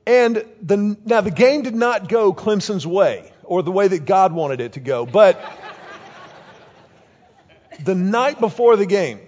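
Fifties guy preaching, high voice, storytelling and animated, kinda dull lo-fi sound. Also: unhurried, pauses often, in a large hall. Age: 50s. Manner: storytelling, animated, tells the congregation to repeat lines. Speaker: pastor. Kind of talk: sermon.

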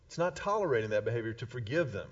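Guy preaching, slightly high voice, bouncy lively pitch, punchy repeats, dull lo-fi audio. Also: fast talker. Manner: emphatic, punchy repetitions. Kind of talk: sermon.

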